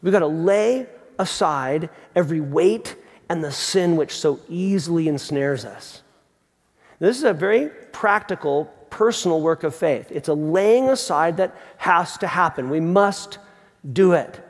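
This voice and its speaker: A middle-aged man preaching a sermon as pastor, conversational and animated, with emphatic repeats. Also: a little high, a little slow. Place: large theatre. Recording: long hall reverb from a theatre.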